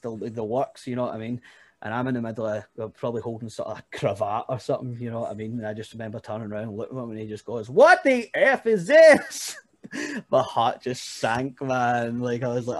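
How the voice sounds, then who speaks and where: A man's voice: mid-range voice, no echo. A young Scottish man, a guest wrestler, telling stories in a rambling, laughing way and often saying "you know what I mean". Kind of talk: casual podcast chat.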